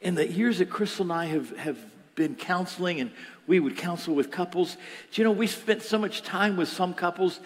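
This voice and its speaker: A man preaching a sermon as pastor, animated, swinging between loud lines and whispers. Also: sits high, normal speed. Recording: echoey hall.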